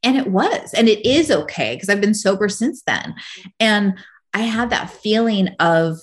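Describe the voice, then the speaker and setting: A woman guest on a podcast, telling her personal story candidly in a casual, rambling way full of "like". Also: mid-range voice. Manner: casual, rambling, heavy use of "like".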